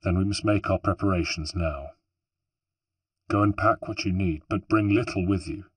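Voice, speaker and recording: A resolute young man gives firm, urgent orders to keep his family safe, voiced by a male narrator. The voice is deep and a little husky, recorded close and dry. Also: normal speed, no echo, distant mic.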